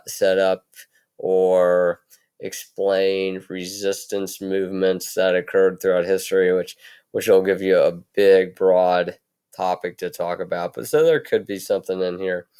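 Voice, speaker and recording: A man with a low, smooth voice talks through a recorded history lesson on a computer mic. He speaks casually, with many fillers and restarts. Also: a little mellow. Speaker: history teacher.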